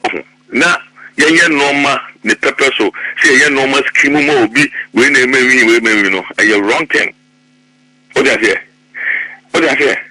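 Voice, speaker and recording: A middle-aged Ghanaian man in heated political commentary, animated and quick to repeat himself when worked up. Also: mid-range voice, dry recording, rough recording. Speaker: political party member.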